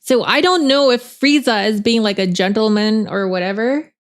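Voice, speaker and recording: A woman's voice: fairly high pitch, moderate pace. A woman streamer in casual chat, rambling and chatty, laughing often with lots of filler words.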